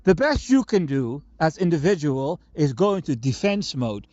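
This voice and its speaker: A man delivering a profane, mocking political rant, swinging between loud outbursts and low muttering. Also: big pitch swings, moderate pace, dry recording, dull audio. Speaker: political commentator. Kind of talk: ranting monologue. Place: Germany.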